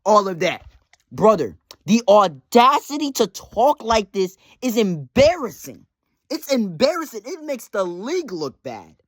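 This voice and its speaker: Animated young man ranting trash talk. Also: sits high, measured pace, dry recording. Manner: heated, mocking, repetitive ranting. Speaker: fantasy league team manager. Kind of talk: casual trash-talk rant.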